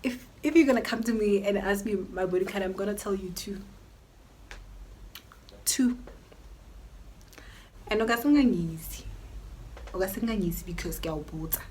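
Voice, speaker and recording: A woman's voice: medium pitch, brisk, a little mellow, a little hiss or hum. A young South African woman with a South African accent, chatting through a get-to-know-me Q&A in an opinionated, casual way and slipping into local languages. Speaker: YouTuber. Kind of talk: casual Q&A vlog.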